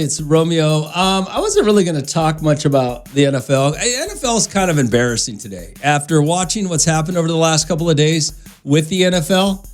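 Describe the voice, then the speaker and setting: A man hosting a morning radio show, talking in a relaxed, rambling way and laughing often. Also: on the high side. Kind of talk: casual morning radio chat.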